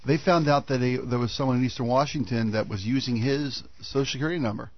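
A man's voice: medium pitch, no room sound, lo-fi sound. Quipping man on radio. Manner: quick quips and asides. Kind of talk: casual banter.

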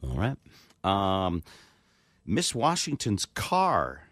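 A man's voice: sits low, wildly swooping pitch, very slow, fairly bright tone, dry recording. A man hosting a morning radio show, bantering and joking with his co-hosts.

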